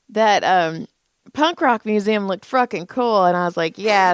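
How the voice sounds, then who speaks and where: A woman's voice: mid-range voice, normal speed, clear, resonant tone, no room sound, studio quality. A woman co-hosting a podcast, casually telling a comic story and acting out each person's lines in it. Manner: animated, acts out everyone's lines in her stories; frequent laughter and swearing. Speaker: podcast co-host.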